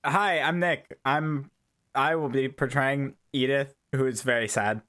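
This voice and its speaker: Smooth-voiced man rambling through explanations. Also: medium pitch, fairly even intonation, measured pace, fairly bright tone. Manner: rambling, hedging with fillers. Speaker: player. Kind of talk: actual-play podcast chat.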